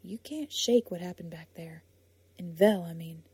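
A woman reading a storybook, voicing a blunt, spirited young woman with a lively, teasing way of talking. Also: a little slow, slightly rough, no echo, exaggerated voice. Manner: lively and teasing, rising pitch.

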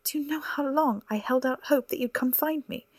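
A woman's voice: sits high, moderate pace, no room sound, pitched above the performer's own voice. A woman reading a hurt young woman healer who speaks sharply and bitingly. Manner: sharp, biting, rising to a shout. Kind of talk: audiobook character reading.

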